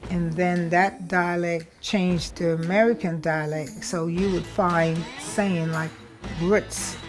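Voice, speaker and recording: Cooking outside at a family cookout, this Gullah Geechee woman from South Carolina, a chef and cookbook author, talks in a homey, proud, casual way, explaining what she's doing. She speaks slowly in a lowish, steady voice, with soft music in the background.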